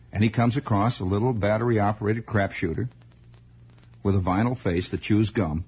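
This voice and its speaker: A man's voice: on the low side, slightly rough. A man hosting a late-night radio monologue, rambling, wry and sardonic. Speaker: radio host. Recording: dull 1960s radio broadcast.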